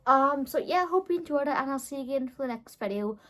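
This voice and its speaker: A woman's voice: sits high, expressive, quick pace, few pauses, fairly bright tone. A woman telling a casual storytime vlog as a beauty vlogger, chatty and giggly, peppering her talk with fillers.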